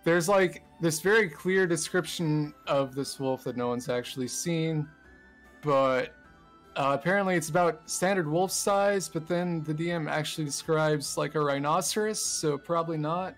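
A man's voice: fairly high pitch, normal speed, fairly bright tone, soft background music. A man casually recapping a tabletop game session for his group, rambling and self-deprecating, laughing through his lines. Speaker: player giving the session recap.

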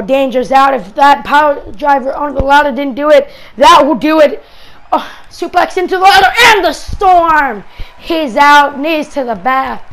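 A woman giving excitable play-by-play commentary on a wrestling match in a game, breaking into shouts at the big moves. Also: high-pitched, low-quality recording.

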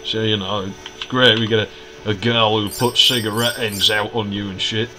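A man's voice: fairly low pitch, little pitch movement, moderate pace. A man with a Hull accent giving crude, rambling, profane gameplay commentary, often laughing. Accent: Hull, Yorkshire. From Hull, England. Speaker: let's play host. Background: game music.

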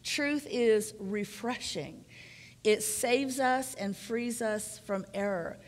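A woman preaching a sermon in an earnest, emphatic, measured teaching manner. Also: fairly high pitch. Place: church sanctuary. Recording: church sanctuary with long reverb.

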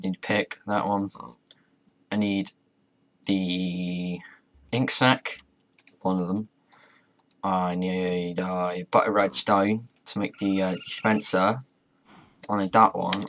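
A man's voice: low-pitched, fairly bright tone. A young man commentating as he plays a modded game, chatty and muttering to himself, with mild swearing along the way. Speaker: gamer. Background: faint keyboard and mouse clicks.

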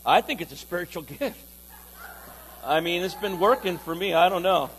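Male pastor, sermon, animated, high voice, swooping pitch, playful loud bursts. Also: normal speed, low-quality recording. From California.

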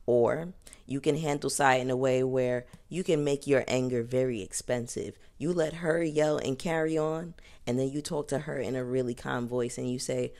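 Brief: woman commentator, very deep voice, sassy and emphatic, casual review rant. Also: moderate pace, a little mellow. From New York area. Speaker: reality TV commentator.

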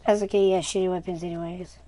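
A young woman from Canada streaming a game, talking to her viewers in an excitable, cursing way. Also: on the low side, fast, background noise. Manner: excitable, swears freely, talks to her viewers. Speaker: gaming streamer. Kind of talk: casual livestream commentary.

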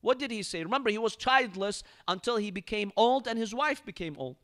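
Animated, bright-voiced male preacher. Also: high voice, fairly quick, few pauses. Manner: expressive storyteller reciting Arabic verses. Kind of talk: Ramadan lecture. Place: mosque.

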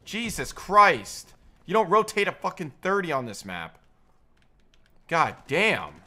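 A man's voice: fairly high pitch, very animated, slow pace, pushed and bright. A man streaming a match, barking profane callouts and raging at his teammates. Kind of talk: live gameplay callouts.

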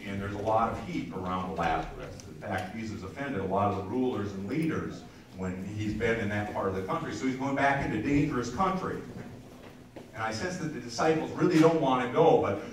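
A man's voice: lowish voice, a little fast, recorded from a distance, noisy background. Man preaching in an echoey church. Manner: conversational preaching with asides to the congregation; frequent repeated words and restarts. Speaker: pastor. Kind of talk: sermon. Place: church sanctuary.

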